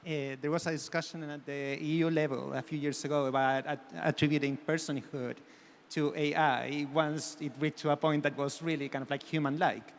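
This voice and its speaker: A man with a fairly high voice talks through a point on a conference panel, hedging with frequent fillers and self-corrections. His voice carries a long reverb from the hall. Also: level tone, normal speed. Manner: hedging, many "you know" fillers. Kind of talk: panel discussion.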